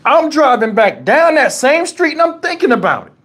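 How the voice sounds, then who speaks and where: Speaking at normal speed in a fairly high voice, a man spins a casual story for his livestream chat, animated and profane, slipping into the voices of whoever he's quoting. The audio comes from a close wireless clip-on mic.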